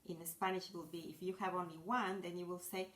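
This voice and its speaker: A woman teacher giving a children's language lesson, patient and slow, sounding out each word clearly. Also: fairly low pitch, level tone, fairly bright tone, reverberant.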